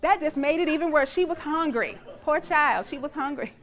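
Lively woman preacher, fairly high voice. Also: moderate pace, some chatter behind. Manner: dramatic, lively storytelling with humor. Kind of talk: sermon.

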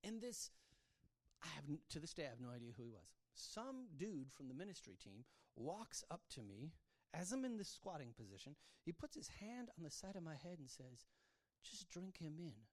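A man preaching a sermon, telling his own story, his voice swinging from hushed to loud. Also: fairly high pitch, sing-song, fairly quick. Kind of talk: sermon testimony.

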